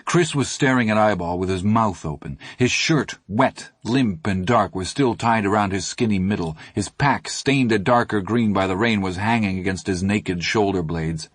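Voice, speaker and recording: A man with a fairly low voice narrates an audiobook in a steady, measured way. The studio-quality recording has no echo.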